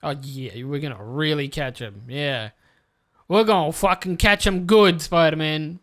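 A let's-play commentator who swears often and talks straight to the viewers, muttering to themself and then bursting out excitedly. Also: mid-range voice, a little slow. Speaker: gameplay commentator.

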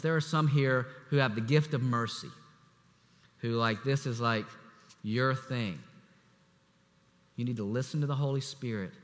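A man preaching a sermon as assistant pastor, speaking conversationally with restarts and fillers, sometimes dropping to a hushed voice. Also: mid-range voice. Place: church sanctuary. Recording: echoey church hall.

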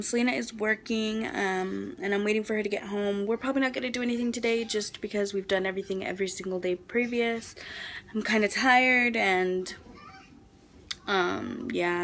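A woman's voice: medium pitch, slight background noise. Chatty young woman vlogger. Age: young adult. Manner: chatty storytelling with many ums. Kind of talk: casual daily vlog. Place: outdoors for part of the vlog.

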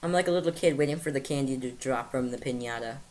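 A man chatting casually while playing a game with friends, excitable and joking, swearing and exclaiming as he plays. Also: medium pitch, fast, a little hiss or hum, low-quality recording. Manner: excitable, swears, jokes loudly; playful exclamations. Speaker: gamer. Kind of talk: casual gaming chat.

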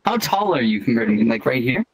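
A man's voice: mid-range voice, big pitch swings, fast talker. A young man chatting casually during a game, joking and asking bewildered questions. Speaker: gamer. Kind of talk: casual chat while playing a game.

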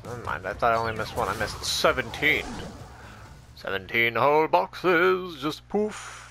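A man's voice: mid-range voice, vocal fry, bright, forceful tone. A man giving playful, rambling commentary while playing a video game, muttering to himself and making silly noises. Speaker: gaming YouTuber. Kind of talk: casual gameplay commentary. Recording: game music playing under voice.

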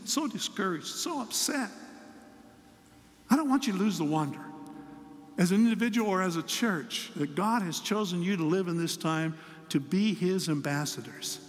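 A man's voice: high-pitched, animated, moderate pace, long reverb tail. An older man, a pastor, preaching a sermon and telling a story about his grandson. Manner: storytelling, acts out a child's voice in quotes. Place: church sanctuary.

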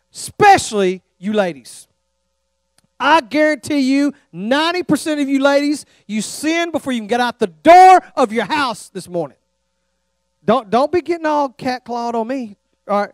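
A man's voice: extremely high pitch, no room sound, clean studio sound. A middle-aged man from Texas with a Texan accent, preaching a sermon in a church and calling out questions to the congregation. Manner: animated, calls out questions to the congregation. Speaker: traveling evangelist. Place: church sanctuary.

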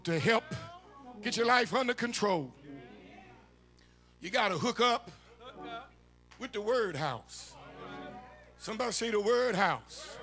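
A man preaching a sermon, shouting and chanting his lines in a sung, call-and-response cadence. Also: very high voice. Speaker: bishop preaching. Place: church sanctuary.

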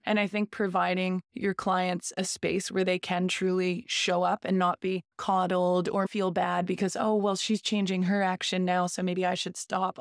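A woman's voice: mid-range voice, vocal fry, dry recording, clean studio sound. A woman hosting a podcast, thoughtfully affirming and building on her guest's points before asking questions. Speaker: podcast host. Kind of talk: reflective conversational interview.

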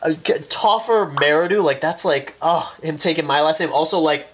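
A young man in a casual vlog, talking in an excitable, animated way and swearing often. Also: on the high side, normal speed, slight background noise. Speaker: YouTuber.

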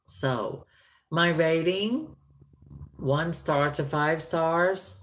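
Low, slow-talking woman doll reviewer. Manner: chatty, rambling, sharp when scolding. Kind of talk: casual doll review vlog.

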